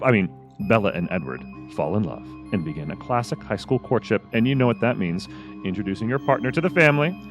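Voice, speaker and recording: A man co-hosting a film podcast, wry and teasing in casual chat. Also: fairly low pitch. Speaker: podcast co-host. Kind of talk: casual film review chat, partly scripted.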